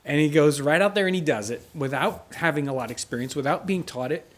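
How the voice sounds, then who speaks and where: A man's voice: on the high side, quick pace. A man hosting the show, giving casual commentary on an interview clip. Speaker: commentator, channel host.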